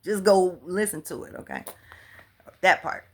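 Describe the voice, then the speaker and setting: Chatty lower-voiced woman talking spirituality. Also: unhurried. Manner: animated and chatty, often laughing and dropping to a whisper; colloquial, repeats "for real" and "come on". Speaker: spiritual author and life coach. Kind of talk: casual spiritual talk to viewers.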